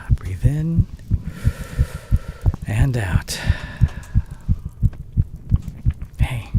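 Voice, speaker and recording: A man's voice: medium pitch, background noise, natural voice. A man playing an overworked young boyfriend in an audio roleplay drama, speaking closely and with strong emotion straight to the listener. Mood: panicked, soothing. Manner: emotionally charged, intimate second-person address. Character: overworked young adult boyfriend, short-tempered but loving. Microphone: close studio condenser mic.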